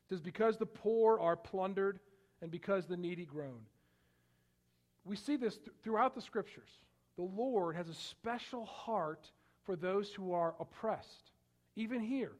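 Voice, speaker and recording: Man, pastor, high voice, sermon, emphatic bursts, repeats words. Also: a little slow. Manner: preaching with rising, emphatic bursts on scripture; frequent word repeats and restarts.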